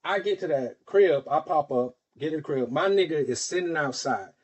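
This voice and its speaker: With a husky voice on the high side, lively intonation and a moderate pace, a Florida podcast host shares a heated personal story casually. He's profane and plays out the others' lines himself.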